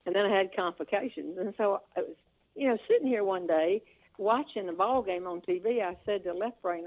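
A woman's voice: medium pitch, fairly quick. A woman in her seventies, a comedian guest telling stories down the phone, chatty and laughing often. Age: 70s. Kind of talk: storytelling in a phone interview. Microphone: telephone. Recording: tinny phone line.

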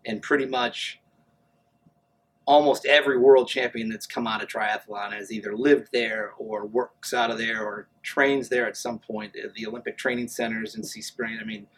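A man's voice: lowish voice, fairly even intonation, moderate pace, breathy edge, rough recording. A man telling stories casually as an interview guest, acting out the voices of the people he quotes. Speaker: guest, amateur triathlete.

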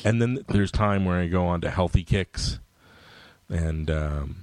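A middle-aged man, a comic book writer, telling stories in casual conversation and jumping into loud voices for quoted lines. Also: low-pitched, measured pace, no room sound.

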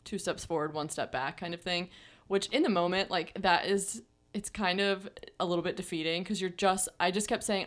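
A young woman telling a story in a relaxed chat, full of fillers and frequent laughs. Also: on the low side, normal speed. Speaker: podcast co-host.

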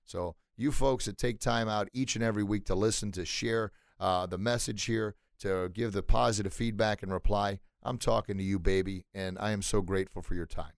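A man hosting a motivational podcast who tells a story with emphatic, animated delivery. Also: fairly low pitch, normal speed, vocal fry, hardly any pauses, dry recording, clean studio sound. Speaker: podcast host.

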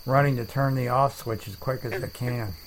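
A man hosting a comedic chat show, rambling deadpan and making up silly words. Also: medium pitch, normal speed, slight background noise, poor audio. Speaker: podcast host.

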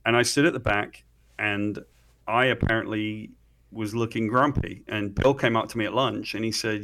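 A British man, a comic writer appearing as an interview guest, tells a story casually at a normal speed in a lowish voice. He's an animated storyteller who acts out the quoted dialogue.

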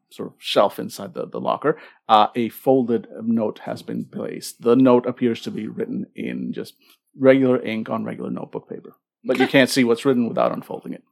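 Gravelly man running a tabletop game. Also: mid-range voice. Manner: hesitant, full of fillers. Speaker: game master.

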